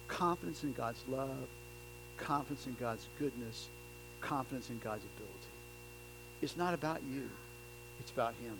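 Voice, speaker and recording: A man preaching a sermon, dropping to soft low passages and then rising into loud, emphatic declarations. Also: creaky, background noise. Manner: swings between soft, low stretches and loud, emphatic bursts.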